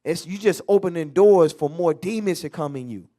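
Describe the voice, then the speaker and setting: A teacher leads a street-style Bible class, his voice on the high side, mellow, and moderately paced. He preaches in a loose, conversational way, acting out everyday quotes.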